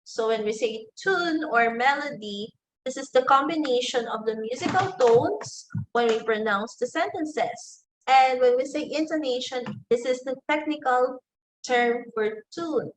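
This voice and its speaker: A woman teacher with a Filipino English accent gives an online lecture, taking her time over each point. Her voice sits fairly high, and she repeats example phrases slowly so students can follow. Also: low-quality recording. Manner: slow, deliberate, repeats example phrases aloud.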